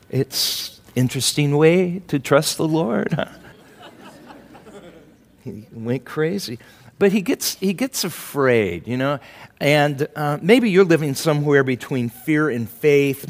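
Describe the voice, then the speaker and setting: A man delivers a sermon at an unhurried, deliberate pace. His voice sits a little high for a man, and he talks to the congregation like a friend, breaking off for asides and soft laughs. When he quotes, he acts the words out with a lifted voice. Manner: slow, conversational preaching with asides and chuckles. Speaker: pastor.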